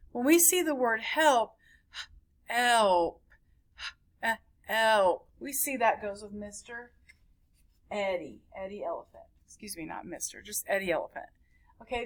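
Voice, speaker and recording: A woman teaching a recorded phonics lesson to young children, slowly stretching out and repeating each sound in a sing-song way. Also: on the high side, fairly bright tone. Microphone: camera recording at a desk.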